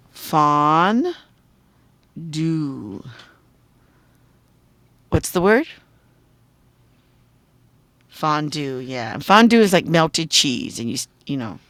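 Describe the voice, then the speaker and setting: A woman's voice: sits low, no echo. A woman teacher giving a phonics lesson on video, patiently sounding out syllables and checking in with the viewer.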